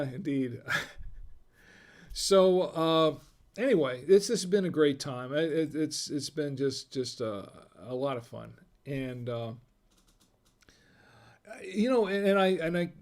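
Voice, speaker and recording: A man's voice: fairly high pitch, a little mellow. A man hosting a casual livestream while drinking wine, tipsy, rambling as he reads the chat aloud and chuckling often. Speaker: livestream host. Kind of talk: casual live-stream chat.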